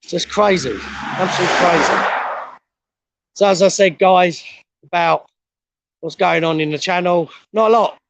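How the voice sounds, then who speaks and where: Middle-aged man, winded, gravelly and plain-spoken, swears freely, casual outdoor walking vlog. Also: sits high, fairly even intonation, normal speed, pauses often, fairly bright tone, no room sound, rough recording. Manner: blunt, swears a lot, rambling. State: out of breath. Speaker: vlogger. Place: outdoors on a steep hill road.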